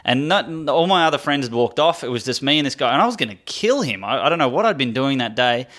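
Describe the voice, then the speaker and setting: A comedian guest, a man, telling a story in casual podcast chat, a little halting, with restarts. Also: mid-range voice, lively intonation, a bit bright.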